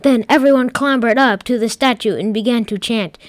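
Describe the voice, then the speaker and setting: A woman's voice: on the high side, brisk, hardly any pauses, no room sound. Playful woman narrator for a silly first-person tale, dry close recording. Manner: playful, dramatic storytelling. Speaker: storyteller narrating as a Martian.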